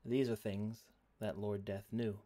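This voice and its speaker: A man acting as dungeon master, narrating a tabletop game in a slow, solemn way. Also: fairly low pitch, flat delivery, warm tone.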